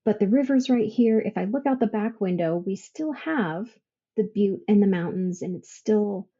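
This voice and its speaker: Podcast guest, woman, warm and husky, emotional storyteller who laughs often, slightly muffled remote audio. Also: medium pitch, expressive, normal speed. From Idaho, United States. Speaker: podcast guest, veteran business owner. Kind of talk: casual interview storytelling.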